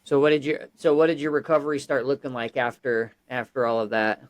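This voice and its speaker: A man hosting a podcast, asking questions in a halting, casual way with many restarts. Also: mid-range voice. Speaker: podcast host. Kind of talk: casual interview.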